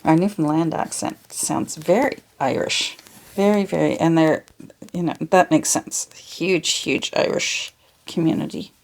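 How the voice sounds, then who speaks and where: Crafting in her home studio, this Canadian woman makes junk journals and talks casually as she goes, wandering into tangents. She speaks a little slowly in a deep voice with a darkish tone.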